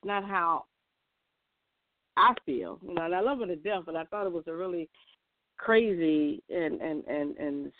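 A woman's voice: lowish voice, a little slow, pauses often, no echo. Woman talking emphatically over a tinny line. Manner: earnest and emphatic, with frequent restarts. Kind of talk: casual monologue to camera. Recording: tinny, dry phone-like sound.

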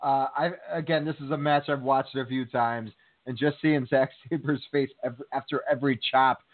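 A man co-hosting a wrestling talk show, telling stories in a chatty, animated way. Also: medium pitch, moderate pace. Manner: chatty, animated storytelling with fillers. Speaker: podcast co-host. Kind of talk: casual chat. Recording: tinny phone line.

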